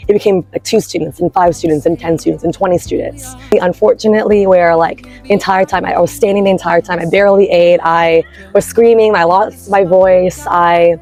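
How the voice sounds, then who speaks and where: A woman's voice: fairly low pitch, steady tone, fairly quick, hardly any pauses, darkish tone, soft background music. A young woman, a university student, telling her story in an interview with many fillers and restarts. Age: young adult. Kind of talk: casual interview talk.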